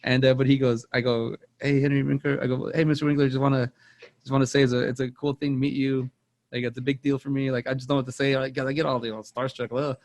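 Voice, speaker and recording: A man's voice: mid-range voice, level tone, fast, darkish tone. A young man, rambling through a casual movie chat on a podcast and repeating words as he tells stories. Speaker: podcast co-host.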